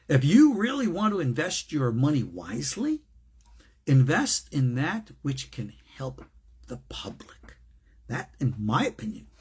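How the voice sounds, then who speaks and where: A man's voice: mid-range voice, breathy edge. A man, a rabbi, giving a recorded lesson in an emphatic, conversational way with casual asides. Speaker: rabbi teaching. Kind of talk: recorded lecture.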